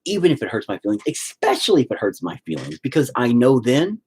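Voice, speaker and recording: A man's voice: mid-range voice, very animated, quick pace, darkish tone, slightly rough, low-quality recording. A young man telling stories and ranting bluntly and profanely in a rambling, casual way. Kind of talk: casual storytelling rant.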